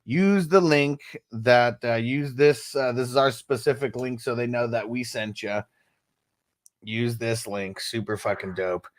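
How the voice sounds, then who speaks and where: Laid-back male stream host, slangy, relaxed, reads chat aloud. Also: medium pitch, a little slow. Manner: laid-back, slangy, coughing between dabs. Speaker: livestream host. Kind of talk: casual livestream chat reading comments.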